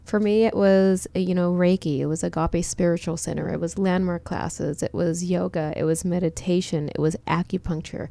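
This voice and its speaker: A woman's voice: on the low side, steady tone, moderate pace, creaky, few pauses, mellow. Woman, podcast guest, giggly, rambling, casual. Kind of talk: casual group chat.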